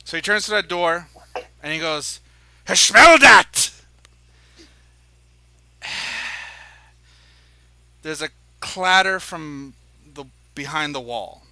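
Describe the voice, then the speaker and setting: A man's voice: fairly high pitch, measured pace, sharp tone, smooth, dry recording. A man narrating a tabletop game as game master, in loose, descriptive narration.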